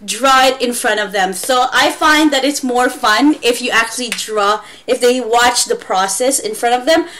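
A woman's voice: fairly high pitch, moderate pace, few pauses, fairly bright tone. A woman who teaches English online, giving a chatty how-to tutorial with playful demonstrations. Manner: chatty, demonstrates with exaggerated gasps and wows.

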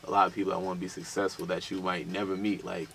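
A man's voice: low voice, little pitch movement, fast, gravelly, fairly bright tone, slight background noise. A man chatting casually as a guest, telling loose stories full of slang and laughter. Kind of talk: casual chat.

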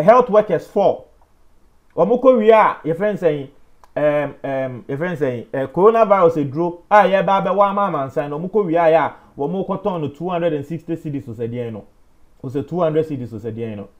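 A man with a Ghanaian accent giving opinion commentary on the news, emphatic and animated, swinging between loud and soft. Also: fairly high pitch, lo-fi sound.

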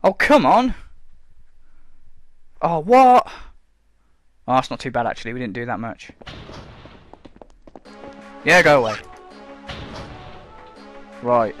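Sweary sarcastic man, lively pitch. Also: a little slow, pauses often, dry recording, soft background music. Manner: sarcastic, sweary, mocking, breaks into squeaky mock voices. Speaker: gameplay commentator. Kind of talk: casual let's play commentary.

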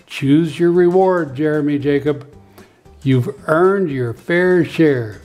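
Blustery pirate captain, read by a man for a kids' storybook; gruff, bellowing, slightly high voice. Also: takes it slowly, darkish tone, soft background music. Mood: pleased.

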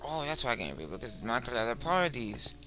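A young man giving slangy, rambling commentary over his game, swinging from mumbles to shouts. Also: medium pitch, sing-song, fast, over music. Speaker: gaming video creator. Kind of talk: casual gameplay commentary.

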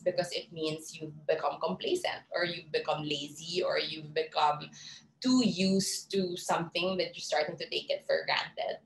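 A young woman with a Filipino accent giving a lively, chatty online talk on public speaking, slipping in Tagalog words, from a small room over a video call. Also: lowish voice. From Philippines. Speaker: guest speaker. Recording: roomy video call with faint background noise.

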